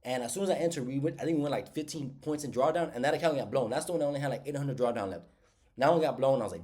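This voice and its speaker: A man talks quickly and loosely, calling his viewers y'all and using plenty of slang. His voice sounds stuffed up and congested. He sits at a middle pitch, neither high nor low. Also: warm tone. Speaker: day trader recapping trades. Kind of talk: casual screen-share trade recap.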